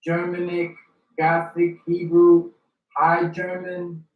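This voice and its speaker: A man reading a long list of dictionary terms one by one, slow and deliberate. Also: high-pitched, completely flat delivery, narrow, tinny audio. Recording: roomy sound from a distance.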